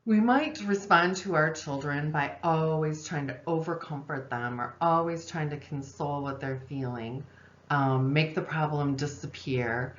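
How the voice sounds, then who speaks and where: A woman with a low voice gives a recorded parenting lesson, calm and explanatory. She pauses on fillers and checks in with "okay?" The room is echoey and the sound is dull and lo-fi. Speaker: parenting instructor and social worker.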